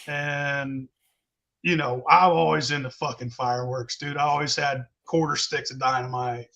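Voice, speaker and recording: A man's voice: medium pitch, fairly even intonation, normal speed, creaky, bright, forceful tone, highs cut off. A man, telling a rowdy, profane story in casual talk and laughing as he goes. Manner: rowdy, swears constantly, laughs mid-story. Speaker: podcast host telling stories.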